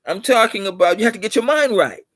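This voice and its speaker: A middle-aged man lectures his viewers in a loose, rambling monologue, circling back to repeat himself and getting lively to hammer a point home. His voice sits a little high for a man. The sound is close and dry, with no room echo. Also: fast talker. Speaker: channel host.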